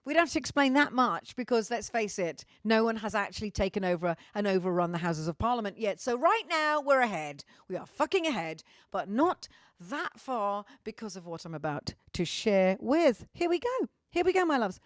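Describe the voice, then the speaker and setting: A woman's voice: medium pitch, very animated, moderate pace, no room sound, studio quality. Cheeky, sweary British woman, middle-aged. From Britain. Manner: chatty, cheeky, sweary, theatrical. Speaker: vlogger and singer. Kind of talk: casual sweary monologue to fans.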